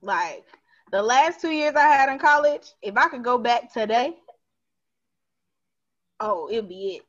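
A woman's voice: fairly high pitch, animated, measured pace. A woman co-hosting a podcast, telling loose stories in casual chat with friends and laughing often. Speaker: podcast co-host. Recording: dull lo-fi sound.

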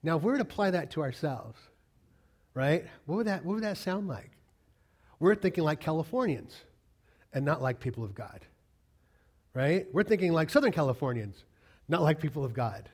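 A man's voice: on the high side, big pitch swings, normal speed, pauses often, darkish tone, breathy edge. A middle-aged man preaching a sermon as pastor, emphatic, repeating key lines and asking the congregation questions.

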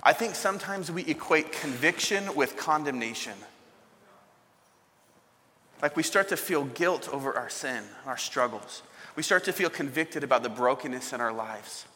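A man's voice: on the high side, in a large hall. A man preaching a sermon, telling a story and now and then acting out the people in it. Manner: storytelling, acts out a shouting king in bursts.

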